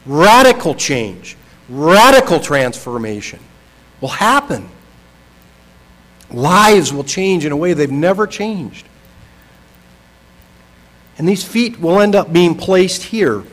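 A man preaching a sermon with a somewhat high voice. He moves between quiet and emphatic passages, reads scripture aloud, and slows down to stress key words. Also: poor audio. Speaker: pastor.

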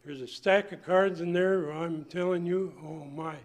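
Older guy preaching, high-pitched voice, folksy, gets loud then goes quiet. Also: fairly even intonation, measured pace. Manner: folksy, emphatic, swings from loud to hushed. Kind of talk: sermon.

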